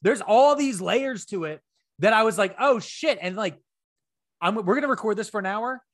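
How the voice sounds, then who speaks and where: A middle-aged man co-hosting a podcast, telling profane stories in a casual chat that climbs to near-shouts. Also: high-pitched, moderate pace. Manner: animated, profane storytelling, rising to near-shouts. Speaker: podcast co-host.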